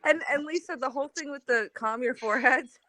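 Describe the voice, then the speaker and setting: A woman co-hosting a casual gossip chat, telling stories in a giggly, animated way. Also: sits high, a little fast, no room sound. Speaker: co-host.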